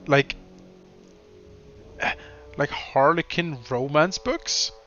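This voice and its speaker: A man with a fairly high voice chats loosely while playing a game, rambling through stories with many restarts. He gets animated when he tells a tale. The sound is dull and lo-fi, like a cheap headset. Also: drawn-out words, soft background music. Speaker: co-host of a game let's play. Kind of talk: casual gaming chat.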